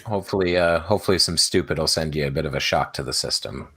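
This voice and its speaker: A man's voice: extremely low pitch, fast talker, husky. A man hosting a casual online panel show, greeting each guest in turn and often saying "excellent", over a video call. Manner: relaxed, repeats "excellent". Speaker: host.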